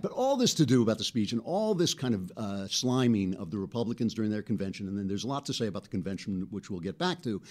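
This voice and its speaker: A man hosting a casual political commentary show, talking in an animated, chatty way and laughing between points. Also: on the low side. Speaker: host.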